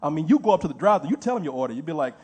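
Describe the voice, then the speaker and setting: Man, high voice, husky, quick, crude comedic chat, podcast co-host. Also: sing-song, darkish tone. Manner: crude, joking, acts out drive-through scenes. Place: live event venue.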